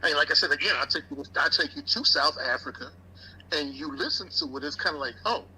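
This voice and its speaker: A man's voice: on the high side, fast talker, sharp tone, slightly rough, low-quality recording. A man in a podcast discussion, chatting and laughing while mock-quoting other people. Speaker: podcast guest. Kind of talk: casual chat.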